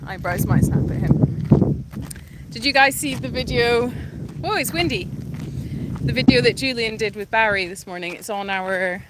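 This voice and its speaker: A woman hosting a live stream from a rural animal sanctuary, chatting casually, laughing often and breaking off to talk to the animals while she walks with her phone. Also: medium pitch. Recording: loud outdoor wind noise. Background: wind and animals.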